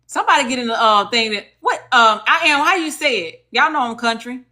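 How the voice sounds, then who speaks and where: Southern woman, bright voice, higher pitch, chatty folksy livestream host. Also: expressive, brisk. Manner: chatty, folksy, addresses viewers as y'all. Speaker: legal advocate livestream host. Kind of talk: casual livestream talk.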